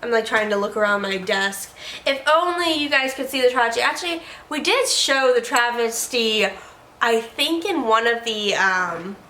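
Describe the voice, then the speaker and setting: A chatty woman hosts a relaxed beauty review from her desk at home. Her voice sits a bit high and sounds bright. She rambles along and stumbles over the odd word, and the room gives her a noticeable echo. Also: normal speed, slight background noise. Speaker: beauty vlogger host. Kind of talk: casual product review chat.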